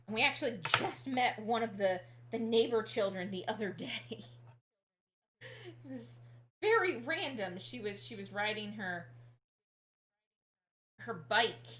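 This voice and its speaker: A woman's voice: mid-range voice, fairly bright tone. A woman streamer chatting casually while carving a pumpkin, rambling and talking through each step. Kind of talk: casual chat while working.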